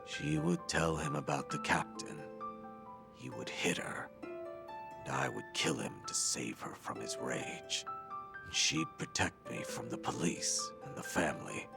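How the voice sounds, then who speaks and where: An actor voicing a weary older ex-yakuza in a video game, speaking in a slow, terse, deadpan way with a gravelly, very deep voice. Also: male voice, loud music behind the voice, heavily acted. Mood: brooding.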